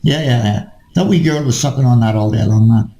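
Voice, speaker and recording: A man rants and swears in casual chat, repeatedly calling his listener mate. His mid-range voice is warm and fairly quick, but the audio is poor and reverberant.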